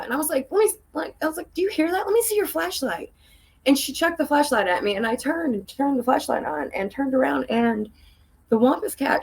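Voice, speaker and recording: A woman's voice: slightly rough, low-quality recording. A woman, a podcast guest telling a story casually, laughing often and acting out what people said in a raised voice. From Tennessee. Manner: animated, laughs often, acts out quoted voices in a higher pitch.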